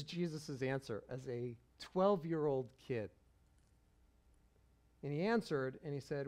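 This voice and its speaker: Male pastor, relaxed sermon delivery, laughs easily. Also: medium pitch, takes it slowly, pauses often. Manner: conversational, chuckles while he preaches.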